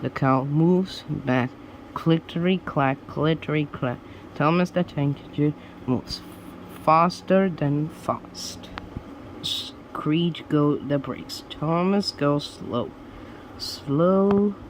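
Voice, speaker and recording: A man reading children's storybooks aloud, slowly and deliberately, with small slips and restarts. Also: fairly high pitch, a little hiss or hum, low-quality recording. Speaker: storybook reader.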